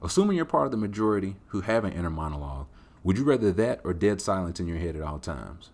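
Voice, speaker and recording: A man with a deep, low voice hosts a podcast and works through listener questions. He talks in a loose, rambling, joking way, full of slang and the odd swear word. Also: big pitch swings, fast talker, darkish tone. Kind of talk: casual chat.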